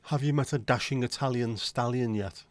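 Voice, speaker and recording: A man's voice: medium pitch, normal speed, dry recording. A man hosting a casual livestream, chatty and joking as he answers viewer comments. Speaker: livestream host.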